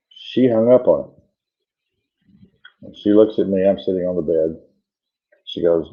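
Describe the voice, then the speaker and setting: A man's voice: low voice, moderate pace, long pauses. A man hosting a radio show, casually telling a story and acting out the voices of the people in it. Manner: animated retelling, acting out quoted voices. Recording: tinny phone-like audio.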